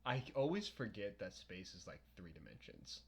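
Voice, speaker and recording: Low-voiced man rambling through a book chat. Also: very animated. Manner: rambling, profane, quick to laugh. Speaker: podcast co-host. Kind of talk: casual book-discussion chat.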